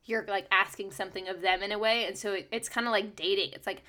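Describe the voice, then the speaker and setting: A woman's voice: mid-range voice, fairly even intonation, quick pace, sharp tone. A young woman musician co-hosting a podcast in casual chat, talking with many fillers and restarts and laughing often.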